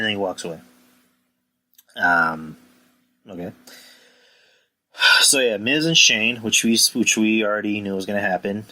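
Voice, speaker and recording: Male podcast host, low voice with a forceful edge, rambling casual talk. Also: unhurried, long pauses. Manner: rambling, full of "you know" and sighs. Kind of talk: casual chat.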